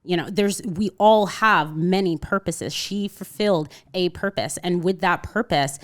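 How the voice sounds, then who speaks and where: A woman's voice: lowish voice, unhurried. A woman in her thirties from Connecticut, a podcast guest telling a personal story in casual conversation and acting out the voices of people in it. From Connecticut, USA. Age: 30s.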